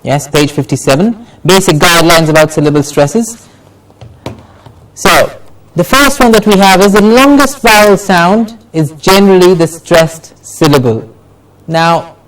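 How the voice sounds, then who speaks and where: A man teaching English word stress, slowly repeating each example word for the class to say along. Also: sits high, recorded from a distance, low-quality recording. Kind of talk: classroom lesson with drills.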